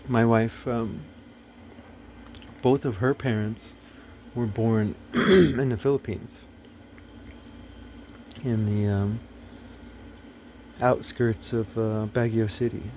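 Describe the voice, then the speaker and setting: A man's voice: medium pitch, steady tone, slow, pauses often, darkish tone, slight background noise. A man talking casually to the camera, rambling and blunt, full of fillers, restarts and swearing. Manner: profane, blunt. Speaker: video host.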